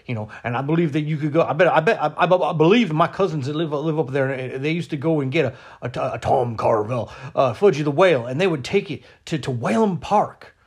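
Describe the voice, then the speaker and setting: High-voiced rambling middle-aged man. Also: fast, hardly any pauses, breathy edge. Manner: rambling, stammering, with repeated words; mock-indignant. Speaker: comic monologue host. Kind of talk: rambling comedic monologue. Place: lives in Florida.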